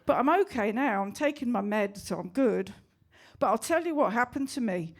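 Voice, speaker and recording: A woman performing a deadpan stand-up set in a basement comedy club. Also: a little high, normal speed.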